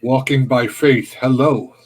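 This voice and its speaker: A man's voice: medium pitch, steady tone, slow pace, breathy edge, poor audio. A man co-hosting a live stream, chatting casually and greeting viewers by name.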